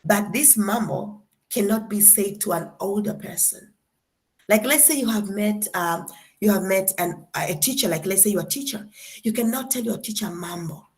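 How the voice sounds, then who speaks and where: Young female guest lecturer, casual and playful, slow careful drilling of vocabulary, mid pitch. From Tanzania. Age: young adult. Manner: slow, deliberate drilling of words, playful and chatty. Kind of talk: casual classroom teaching.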